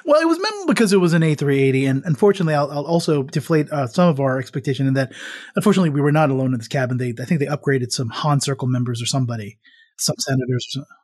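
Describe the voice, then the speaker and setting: A man's voice: medium pitch, expressive, rapid-fire, darkish tone, dry recording, clean studio sound. A man co-hosting a podcast in casual chat, laughing often and restarting his sentences. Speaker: podcast co-host.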